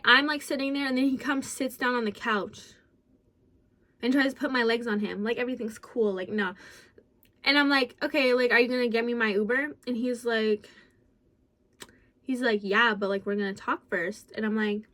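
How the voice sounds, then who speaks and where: A high-voiced young woman talks straight to her phone in a loose, rambling storytime vent. She leans on "like" constantly and drops from low mutters into loud, exasperated outbursts. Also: normal speed. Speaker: vlogger. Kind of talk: casual storytime vent to viewers. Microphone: phone close by.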